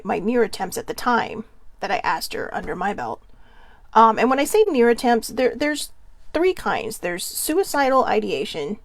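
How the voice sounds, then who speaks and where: A woman host speaking earnestly with a Hawaiian accent, emotional and near tears, halting and repeating herself. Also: mid-range voice, gravelly, dry recording. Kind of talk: emotional personal talk.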